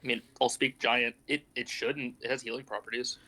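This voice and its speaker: A man's voice: mid-range voice, brisk, poor audio. Casual male tabletop player. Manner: relaxed, asks questions. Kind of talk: casual tabletop game chat.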